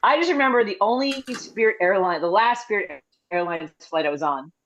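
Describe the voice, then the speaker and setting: A middle-aged woman comedian telling stories in a rambling, chatty way with quick asides, over a video call. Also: mid-range voice, lively intonation, a bit bright. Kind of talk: casual comedic storytelling. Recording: slightly dull video-call audio.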